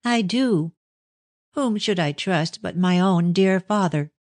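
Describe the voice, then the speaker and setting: A man's voice: sits high, takes it slowly, no room sound, voice pushed up. A frightened young daughter, tearful and pleading, her voice lifted well above her reader's own, as a man voices her. She sounds close and dry, like a storybook recording. She sounds breathless with worry. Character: anxious tearful young woman, a devoted daughter. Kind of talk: audiobook character reading.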